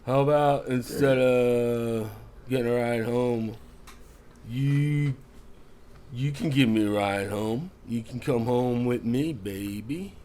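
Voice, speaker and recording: A man's voice: medium pitch, slow, warm tone, natural voice. A man voicing a drunk, pushy male bar patron who slurs and turns belligerent. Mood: sleazy. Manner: slurring, sleazy, belligerent.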